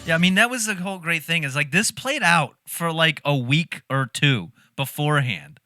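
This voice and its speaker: A man's voice: on the high side, moderate pace, soft background music. A man hosting a reaction video, talking casually with lots of laughter and swearing. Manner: animated, laughs often, swears freely.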